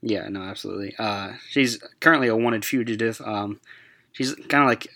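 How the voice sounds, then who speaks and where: A man's voice: on the low side, normal speed, pushed and bright. A man hosting a casual podcast, agreeable, steering the talk from one topic to the next. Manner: agreeable, steers the episode rundown. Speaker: podcast host. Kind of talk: casual chat.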